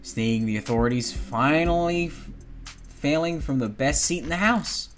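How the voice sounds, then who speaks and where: A man voicing a cold, calculating male killer who narrates his own crimes in a measured, smug inner monologue, read from a story game. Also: fairly high pitch, faint music behind, natural voice. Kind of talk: reading a game's dialogue aloud.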